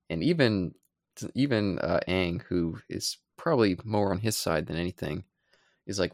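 Deep gravelly man, podcast co-host. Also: moderate pace, no echo, clean studio sound. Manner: relaxed and rambling, with playful asides. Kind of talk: casual chat recapping a comic.

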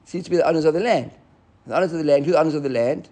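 A man teaching a Talmud class, animated and often restarting as he explains. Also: a little high, very fast. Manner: animated, restarts often, mixes Hebrew and Aramaic terms.

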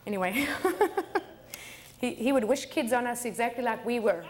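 A woman's voice: on the high side, normal speed. A middle-aged woman pastor preaching a sermon in a chatty way, often laughing and repeating words. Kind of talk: sermon teaching.

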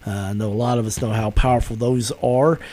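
A man's voice: medium pitch, steady tone, brisk, mellow. A man hosting an interview, talking in a friendly, chatty way with frequent fillers. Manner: friendly, chatty, many ums and restarts. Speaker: interview host. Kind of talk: casual interview chat.

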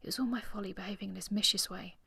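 A woman reading aloud and voicing a sensible young woman, anxious and self-reproaching, in a soft, hushed delivery. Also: on the low side, quick pace, husky.

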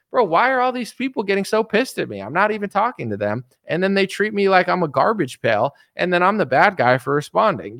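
A man's voice: on the high side, fairly bright tone, no room sound, clean studio sound. Exasperated man in his thirties ranting. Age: 30s. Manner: exasperated ranting, mocking others in put-on voices. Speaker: political commentator. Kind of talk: casual monologue.

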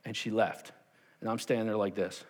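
Animated preacher man in a reverberant church. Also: lowish voice, a little fast, a little hiss or hum. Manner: animated, acts out quoted voices, repeats "okay?". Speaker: pastor. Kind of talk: sermon with storytelling. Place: church sanctuary. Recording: long hall reverb.

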